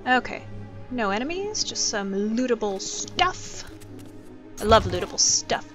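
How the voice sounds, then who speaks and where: A woman streamer giving chatty, excitable commentary while playing a game, full of quick asides and exclamations. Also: fairly high pitch. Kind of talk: casual gameplay commentary. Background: game music.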